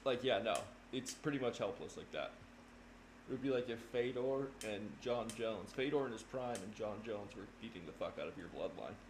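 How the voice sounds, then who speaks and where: A man livestreaming from home, chatting in a blunt, profane, animated way between drum songs. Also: lowish voice, normal speed. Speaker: livestreaming drummer. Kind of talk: casual rambling chat. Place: home room. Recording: echoey room with clear noise.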